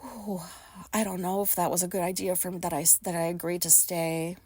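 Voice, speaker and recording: A woman's voice: on the low side, flat delivery, brisk, dark tone, slightly rough, dry recording. A woman from the United States telling an anxious story in a casual vlog, rambling with lots of fillers and swearing. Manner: anxious retelling, voices others in quotes. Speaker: vlogger.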